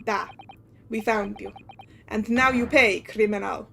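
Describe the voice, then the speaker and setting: A woman's voice: mid-range voice, vocal fry, fairly bright tone, slight background noise. A woman voicing a menacing male sailor with a put-on Russian accent in a video game. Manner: heavy, deliberate, threatening.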